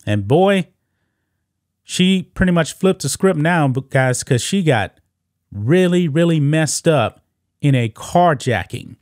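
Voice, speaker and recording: A man's voice: fairly high pitch, expressive, slow, a little mellow, no room sound. Male commentary host, mocking, casual, dry close mic. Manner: mocking, addresses viewers as guys.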